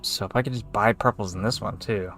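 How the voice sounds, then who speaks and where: Low-voiced man muttering through gameplay. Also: a little fast, a bit bright, faint music behind. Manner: mutters to himself, swears often, easily aggravated. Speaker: gamer streamer. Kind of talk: casual gameplay commentary.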